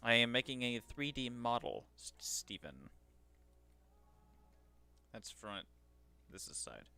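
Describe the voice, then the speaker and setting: Chatty man streaming, bright voice. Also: medium pitch, very animated, slow pace, vocal fry. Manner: chatty, self-deprecating, talks to himself while working. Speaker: streamer doing 3D modeling commissions. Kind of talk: casual livestream commentary.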